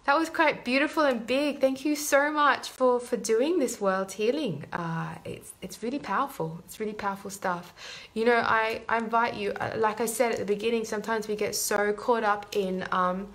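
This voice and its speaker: A woman energy healer guiding a live meditation in a soft, unhurried voice, repeating gentle affirmations and then reading viewer comments aloud. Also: fairly high pitch.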